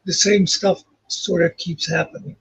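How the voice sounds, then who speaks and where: A man's voice: high-pitched, fairly even intonation, moderate pace, vocal fry, slightly rough, no echo. A man joining a livestream chat as a guest, telling meandering stories full of fillers. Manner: meandering, filler-heavy storytelling. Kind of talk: casual call-in chat. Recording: muffled lo-fi call audio.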